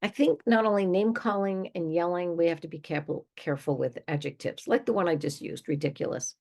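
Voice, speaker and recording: Husky older woman, emphatic advice. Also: fairly low pitch, steady tone, fairly quick, a little mellow. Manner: emphatic, conversational, given to little laughs. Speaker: therapist and show host. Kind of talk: direct-to-listener advice monologue.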